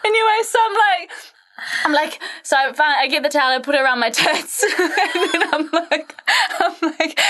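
A woman's voice: high-pitched, expressive, brisk, bright, forceful tone. A woman co-hosting a casual podcast, telling a story with lots of laughter and casual swearing. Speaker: podcast co-host. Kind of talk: casual chat.

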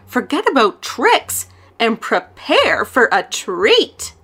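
A woman's voice: fairly high pitch, wildly swooping pitch, slow, fairly bright tone, husky, exaggerated voice. A woman voicing a cheerful, friendly little pumpkin boy in a storybook, eager and bubbly.

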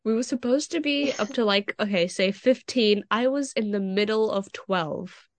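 A woman's voice: mid-range voice, normal speed, dry recording. A teenage girl co-hosting a casual podcast with friends, telling stories animatedly and acting out the people she quotes. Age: teens. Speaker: podcast co-host. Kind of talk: casual chat among friends.

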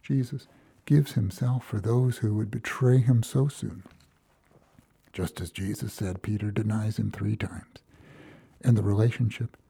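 Gravelly-voiced pastor from Minnesota, storytelling sermon. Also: male voice, lowish voice, mellow, no echo. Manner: storytelling, reflective, acts out quoted lines.

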